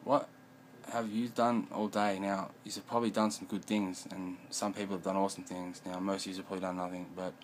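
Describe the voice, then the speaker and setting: A man's voice: low voice, little pitch movement, brisk, a little hiss or hum, rough recording. A man rambling in a profane vlog monologue at home, often mumbling.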